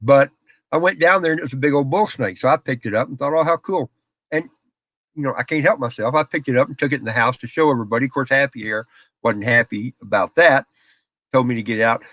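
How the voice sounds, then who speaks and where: A man's voice: medium pitch, fast, fairly bright tone, no echo. Folksy man chatting on a live stream. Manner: folksy storyteller, laughs often. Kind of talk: casual live chat with viewers. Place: small office out back.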